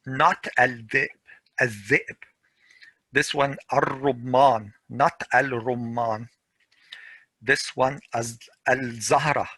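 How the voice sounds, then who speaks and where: Slow gravelly man teaching grammar. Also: mid-range voice, bright, forceful tone, no room sound, poor audio. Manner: slow, repeats words for pronunciation drills. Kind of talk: classroom grammar lesson.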